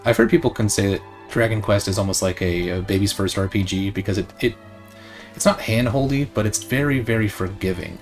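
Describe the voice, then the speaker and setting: A man's voice: on the low side, a little fast. A man casually commentating a video game, jokey and often laughing at it. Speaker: let's play host. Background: faint game music.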